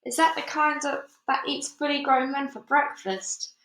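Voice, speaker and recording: A woman's voice: high-pitched, steady tone, normal speed, fairly bright tone, slight background noise, voice pushed up. A woman reading a storybook aloud, voicing a nervous, frightened male fire chief who exclaims in alarm, in an echoey room. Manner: anxious, exclaiming.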